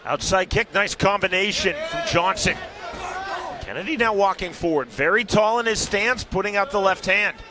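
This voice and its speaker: A man calls fight action strike by strike with a high voice. He rattles off quick calls and jumps to a shout when big shots land. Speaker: play-by-play commentator. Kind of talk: fight play-by-play commentary.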